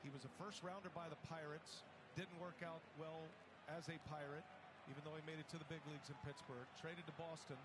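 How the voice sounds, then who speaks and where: A play-by-play man calls a ballgame from a broadcast booth in a slightly higher voice. He is steady and informative, telling the players' stories between pitches. A heavy wash of stadium noise sits under everything. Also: fairly quick. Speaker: play-by-play announcer. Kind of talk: live baseball commentary. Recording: commentary over loud stadium noise.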